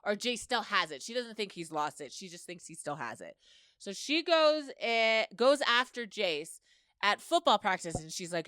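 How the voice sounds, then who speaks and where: Chatty woman with a smooth voice. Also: medium pitch, big pitch swings, normal speed, fairly bright tone, no room sound, clean studio sound. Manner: chatty retelling of a story, slipping into quoted dialogue. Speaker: podcast host. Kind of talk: casual episode recap.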